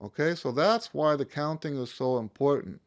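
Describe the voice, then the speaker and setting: A man's voice: on the high side, moderate pace. A man teaching a music lesson, counting beats aloud and stopping to rephrase himself as he explains.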